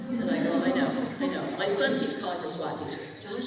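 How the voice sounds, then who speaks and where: A woman's voice: lowish voice, expressive, fast, a crowd in the background. A woman telling a personal testimony to a church audience, chatting in a storytelling way and acting out the lines people said. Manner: chatty storytelling, acts out quoted dialogue. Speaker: church speaker. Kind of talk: testimony to a congregation. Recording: echoey hall, distant mic.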